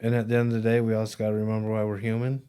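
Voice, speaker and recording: A man's voice: lowish voice, completely flat delivery, very fast, mellow, clear, resonant tone. A man co-hosting a casual podcast, speaking earnestly with playful asides, recorded in an office at his workplace. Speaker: podcast co-host and peer recovery coach. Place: office in their workplace building.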